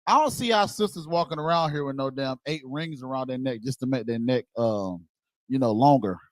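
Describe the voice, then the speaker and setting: A man giving a blunt, casual preaching talk, animated and swearing freely. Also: mid-range voice, fairly quick, dry recording. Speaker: speaker on a religious group's show.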